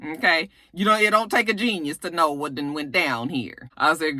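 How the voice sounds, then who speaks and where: Sassy bright-voiced woman recapping TV. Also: sits low, moderate pace, hardly any pauses, dry recording. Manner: sassy, profane, animated storytelling. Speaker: TV recap vlogger. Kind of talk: casual TV episode recap.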